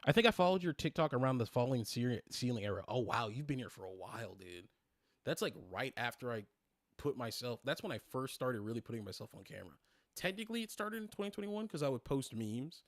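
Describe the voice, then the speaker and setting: A man's voice: medium pitch, expressive, fast talker, dry recording, clean studio sound. A man in his twenties hosting a casual livestream chat, rambling and profane, full of fillers and restarts. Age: 20s. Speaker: streamer host.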